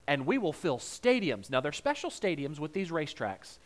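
A man's voice: on the high side, very animated, normal speed. A man with a Southern American accent preaching a sermon in a folksy, humorous storytelling way, joking with the congregation.

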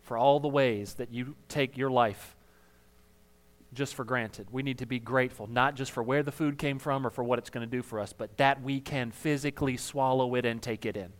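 A man's voice: medium pitch, steady tone, moderate pace. A male pastor speaking conversationally to his congregation, sharing a story about a church member. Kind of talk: informal sermon.

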